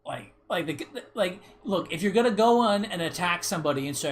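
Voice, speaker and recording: High-pitched and fast with hardly any pauses, a man hosts a casual livestream, profanely ranting in a rambling, repetitive way and ending lots of points with "right?". A little hiss or hum sits under the audio.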